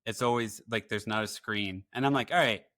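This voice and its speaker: A man's voice: on the low side, steady tone, moderate pace, fairly bright tone, no echo, studio quality. A man hosting a podcast, chatting casually and playfully as he asks questions. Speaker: podcast host.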